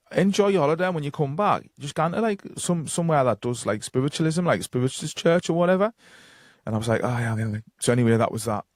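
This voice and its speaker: Geordie man, casual rambling storyteller, dry close sound, middle pitch. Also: dry recording. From North East England. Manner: rambling anecdotes with many fillers and quoted dialogue. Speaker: guest psychic medium.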